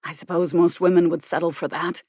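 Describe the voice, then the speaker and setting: A woman reading an audiobook, voicing a chatty, tactless male officer who talks quickly and gossips. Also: fairly low pitch, fairly even intonation, mellow, slightly rough, dry recording, studio quality. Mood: teasing. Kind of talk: audiobook character voice.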